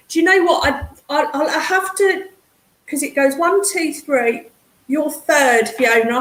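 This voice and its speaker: A woman, a psychic medium chatting casually and excitedly with viewers on a live stream, calling them darling and hun. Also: sits high, reverberant, poor audio. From English Midlands. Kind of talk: casual livestream chat with viewers. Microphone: computer mic on a streaming setup.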